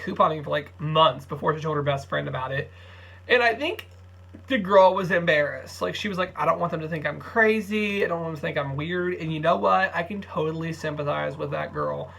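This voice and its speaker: A man's voice: a little high, vocal fry, a bit bright. A young man in his late teens from Ohio, chatting casually on his couponing vlog, sleepy and rambling with lots of fillers and restarts. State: sleepy, yawning. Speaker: couponing YouTuber.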